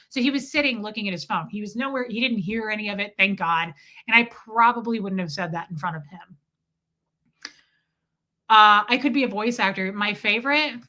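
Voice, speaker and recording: Bright animated woman telling a story. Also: mid-range voice. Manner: animated, profane storytelling, mimics people. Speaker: livestream host. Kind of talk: casual livestream storytelling.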